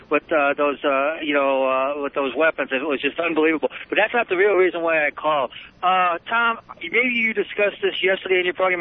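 A man calling in to a radio show, earnest and indignant, rambling a little as he tells his story. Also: a little high. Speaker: caller. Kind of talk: call-in chat. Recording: tinny phone line on radio.

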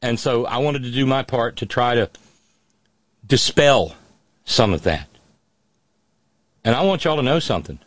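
A middle-aged man hosting a live show, talking haltingly with many restarts in a calm, consoling way. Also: mid-range voice, no room sound. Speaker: host. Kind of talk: emotional live show talk.

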